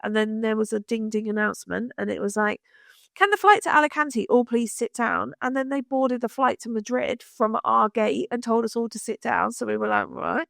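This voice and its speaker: A woman co-hosting a podcast, telling a story in animated casual chat, swearing freely and acting out the people she quotes. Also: on the high side, a little fast, gravelly, few pauses, dry recording, studio quality. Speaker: podcast co-host.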